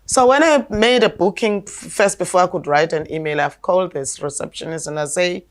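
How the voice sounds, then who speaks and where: A woman's voice: lowish voice, a little fast. A woman, an alternative health practitioner telling a story in a talk show. She speaks emphatically and insistently, often repeating words as she goes. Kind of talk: conversational storytelling.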